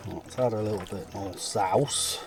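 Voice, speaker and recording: A man's voice: on the low side, normal speed, over music. A man chatting while he cooks pasta at a forest car camp, joking at his own expense and rambling with the odd swear. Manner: self-mocking, rambling, swears lightly. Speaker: vlogger. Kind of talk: casual talk while cooking. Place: forest campsite by a car, outdoors.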